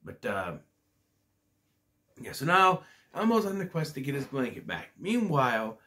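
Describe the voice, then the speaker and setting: A man's voice: medium pitch, sing-song, a little slow, pushed and bright. A man casually reviewing a children's movie, rambling and hesitant, with lots of fillers.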